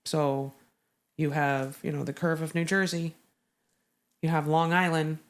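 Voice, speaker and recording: A woman's voice: deep voice, fairly even intonation, a little slow. A woman guest in a casual interview, telling a story with lots of swearing and acted-out quotes. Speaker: Navy veteran.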